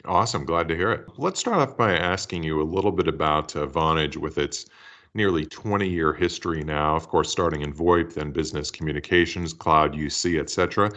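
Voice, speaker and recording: A man's voice: extremely low pitch, brisk, fairly bright tone. A man co-hosting a podcast, moving between a comedy skit and a guest interview with dry, pedantic asides. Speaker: podcast co-host.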